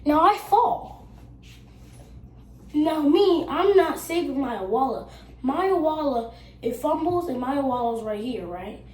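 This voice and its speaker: A woman's voice: sits high, expressive, unhurried, pauses often, darkish tone. A young girl vlogging at home, telling a casual storytime and acting out the people she quotes. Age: child. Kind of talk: storytime while getting ready.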